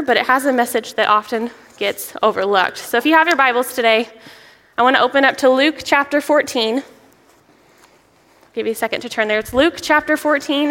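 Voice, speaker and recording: A young woman, a children's ministry director, preaching a sermon in a church, chatty and lively, often laughing as she tells a story. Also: a little high. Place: church sanctuary. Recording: long reverb of a large hall.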